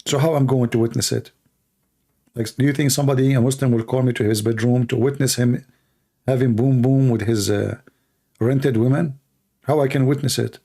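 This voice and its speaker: A man answers viewers' questions on a casual live stream. His voice is dark, gravelly and worn hoarse. He talks bluntly, with sarcasm and a run of rhetorical questions. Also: mid-range voice, fairly even intonation, normal speed. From Middle East. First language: Arabic. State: hoarse, tired voice. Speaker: Christian apologist, host answering questions.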